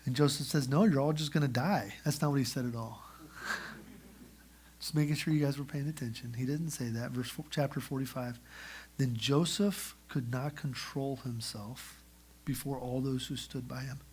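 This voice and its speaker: A man preaching a sermon in church, telling the story in a lively way and acting out the characters. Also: medium pitch, normal speed, slight background noise. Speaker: pastor. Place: church sanctuary.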